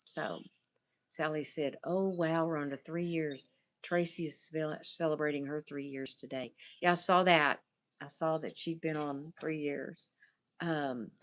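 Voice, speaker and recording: Slow, low-voiced Southern woman chatting. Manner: rambling, riffs without a topic, reads viewer comments. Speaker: livestream host and therapist. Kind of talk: casual livestream chat, reading comments aloud. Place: outdoors.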